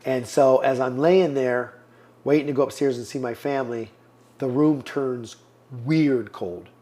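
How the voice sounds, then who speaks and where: A man's voice: medium pitch, unhurried, mellow. A man in his fifties, a podcast guest, giving an earnest personal testimony and acting out the lines people said to him. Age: 50s. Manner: earnest storyteller, acts out quoted lines.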